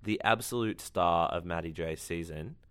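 A man co-hosting a casual podcast recap, agreeable and quick to affirm. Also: low-pitched, smooth. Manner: agreeable, warm affirmations, restarts mid-sentence. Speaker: podcast co-host.

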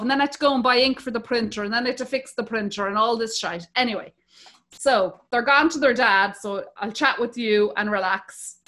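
A middle-aged woman chats away as a podcast host, casual and a little salty. Her voice sits a touch high and rings bright and forward. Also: fairly quick. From Ireland. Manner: chatty, swears casually, acts out quotes. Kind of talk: casual chat.

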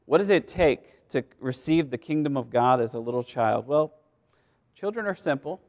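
A man's voice: mid-range voice, animated, normal speed, darkish tone. A male pastor preaching a sermon in a conversational way, repeating words and laughing as he goes.

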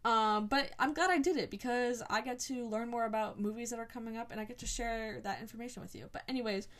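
A young woman hosts her own podcast and chats casually on her own. She rambles along excitedly, filling her sentences with "like" and "um" and restarting her thoughts. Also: fairly high pitch, quick pace. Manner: chatty and rambling, lots of "like" and "um", excited. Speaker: podcast host. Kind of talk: casual solo episode talk.

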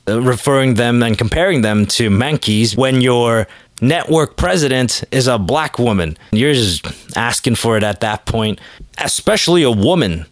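A man's voice: mid-range voice, no room sound, studio quality. A man hosting his own podcast alone, rambling in a casual, self-deprecating way with plenty of swearing. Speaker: podcast host. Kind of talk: casual solo podcast monologue.

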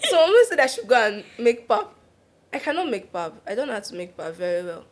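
A young Nigerian woman with a Nigerian accent tells her stories in a lively, laughing way on a casual podcast. Her voice sits a little high, and she drifts into pidgin now and then. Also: fast. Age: young adult. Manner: animated, laughing, slips into pidgin. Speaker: podcast co-host. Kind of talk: casual storytelling chat.

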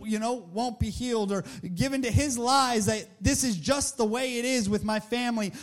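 High-voiced man preaching animatedly. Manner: animated, conversational, acts out quotes. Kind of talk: sermon.

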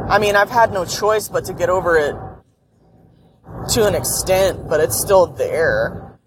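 A man's voice: sits high, unhurried, noisy background. A man crying as he confides his feelings in a vlog recorded inside a car, speaking emotionally and swearing. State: tearful, crying. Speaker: vlogger. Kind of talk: confessional vlog while driving.

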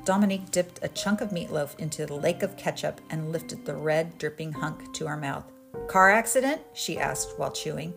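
A woman's voice: sits low, fairly even intonation, moderate pace, creaky, hardly any pauses, over music. A woman podcast host narrating a story in a dry, matter-of-fact way.

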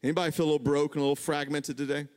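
A man preaching a sermon, conversational and animated, building to emphatic peaks. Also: on the high side, very fast. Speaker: pastor. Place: church hall. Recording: reverberant church hall.

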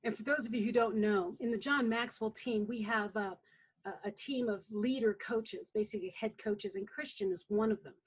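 A woman's voice: on the high side, moderate pace, slightly rough. A woman coach chatting casually and telling stories, acting out what others said. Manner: animated storyteller, acts out quotes. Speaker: coach guest. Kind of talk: casual conversation.

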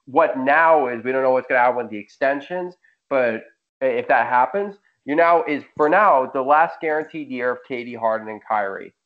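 A man's voice: medium pitch, highs cut off. A young man hosting a casual sports podcast, roasting players in emphatic rants. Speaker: podcast host.

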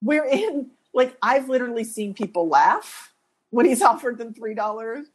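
A woman co-hosting a podcast, telling stories in a lively, self-deprecating way and laughing as she talks. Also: a little high, moderate pace, slightly rough. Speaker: podcast co-host. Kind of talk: casual conversational storytelling.

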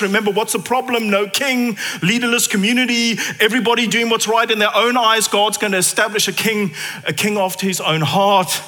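Animated preacher, bright voice. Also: male voice, sits high. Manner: animated, theatrical, shifts to hushed intensity. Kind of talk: sermon. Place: church. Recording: long church hall reverb.

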